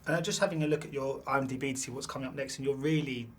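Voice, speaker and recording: A man's voice: mid-range voice, racing, a little hiss or hum. A British man interviewing an actress about her film, asking long, rambling questions full of "kind of". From Britain. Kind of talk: press junket interview.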